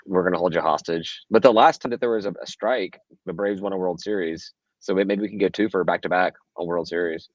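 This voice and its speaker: Man, low voice, co-hosting a podcast, joking, laughing, dry slightly lo-fi recording. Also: fairly even intonation, a little fast, few pauses, no room sound. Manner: joking, laughs often, restarts words. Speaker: podcast co-host. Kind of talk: casual livestream chat. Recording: slightly dull lo-fi sound.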